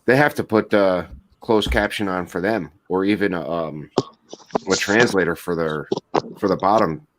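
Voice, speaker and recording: Man, low pitch, halting casual chat, faint background noise. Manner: halting, lots of restarts and fillers.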